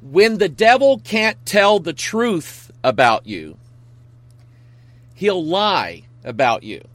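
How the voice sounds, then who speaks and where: Slow-talking, earnest man hosting a talk show. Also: high-pitched, sing-song, fairly bright tone, no room sound. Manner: earnest, rambling, emphatic. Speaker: pastor and talk show host. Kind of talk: casual talk show monologue.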